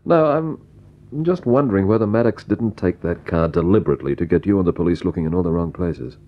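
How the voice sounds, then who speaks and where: An actor playing a thoughtful investigator who narrates in a measured, reflective way, in vintage radio drama style. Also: male voice, low voice. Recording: dull lo-fi old radio recording with faint music.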